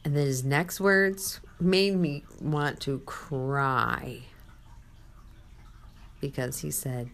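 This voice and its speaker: A woman's voice: low-pitched, fairly even intonation, drawn-out words, creaky, pauses often. A woman giving a sermon-style testimony, telling a personal story with quoted dialogue and speaking to the listener.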